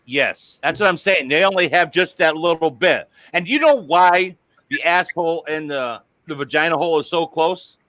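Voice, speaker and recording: This man hosts a casual live stream and talks in a crude, profane, joking way. His voice sits a bit high and sounds bright and forceful. The sound is close and dry. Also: normal speed, no room sound. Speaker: host.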